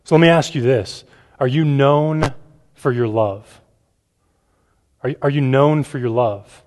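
A man's voice: mid-range voice, slow pace, a little mellow. A man giving a conversational sermon as a pastor, often checking in with "right?" and repeating words as he talks to a gathered room. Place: church room with a gathered audience. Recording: long hall reverb.

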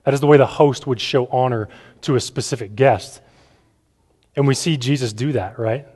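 A man's voice: medium pitch, moderate pace, a little mellow, slightly rough. A casual preaching man in a reverberant hall. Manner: casual, often asks "right?", repeats words. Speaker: pastor. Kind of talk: conversational sermon. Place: church room with a gathered audience.

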